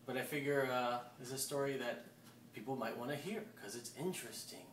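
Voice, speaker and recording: A man telling an embarrassing anecdote in a casual, animated way, acting out what he said. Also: medium pitch, brisk, roomy sound, recorded from a distance, slight background noise. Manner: animated, acts out quotes. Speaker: storyteller on a talk show.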